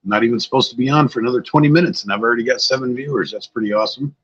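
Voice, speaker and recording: A man's voice: medium pitch, very fast, a bit bright, husky, lo-fi sound. An older man hosting a casual livestream, tired and a bit scatterbrained, chatting loosely with viewers. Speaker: livestream host. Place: outdoors-like spot at home.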